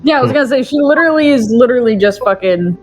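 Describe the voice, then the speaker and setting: Playful, high-voiced woman player. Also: expressive, darkish tone, faint music behind. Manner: playful, quick to joke and laugh, casual swearing. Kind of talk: casual tabletop game chat.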